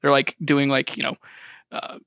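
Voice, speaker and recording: A man's voice: mid-range voice, completely flat delivery, normal speed, fairly bright tone, clean tone, no room sound, studio quality. A young man hosting a podcast in casual chat, rambling with many restarts and chuckles. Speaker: podcast host.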